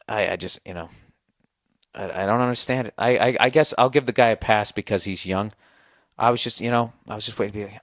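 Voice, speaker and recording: A man's voice: lowish voice, quick pace, a bit bright, no echo, studio quality. A man in his forties, from the United States, hosting a podcast with a sore throat, telling stories in a profane, sarcastic rant. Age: 40s. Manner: profane, ranting, sarcastic storytelling. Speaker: podcast host. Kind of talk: casual comedic monologue.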